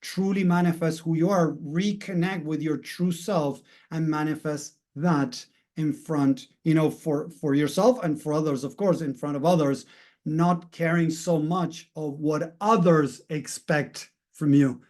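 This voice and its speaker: A man's voice: fairly high pitch, steady tone, unhurried, darkish tone. A man coaching viewers in a casual, rambling self-help talk, often checking in with "right?" and "you know". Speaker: mindset coach.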